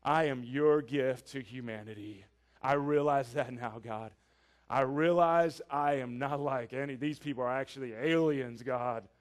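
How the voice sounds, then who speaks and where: A man's voice: medium pitch, unhurried, pitched below the performer's own voice, lightly acted. A man voicing a self-righteous Pharisee who prays boastfully about his own perfection. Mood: smug. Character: smug self-righteous male Pharisee praying.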